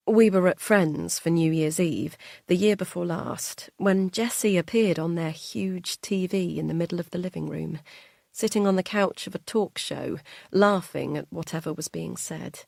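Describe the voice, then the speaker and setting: A woman reading a first-person thriller audiobook in a quiet, measured way. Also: fairly low pitch, gravelly, dry recording, studio quality. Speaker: audiobook narrator.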